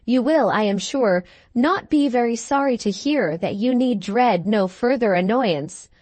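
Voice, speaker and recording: A woman voicing a wronged young woman who speaks gently, steadily and firmly. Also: a little high, expressive, measured pace, no echo. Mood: earnest. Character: wronged young woman, calm, patient and firm.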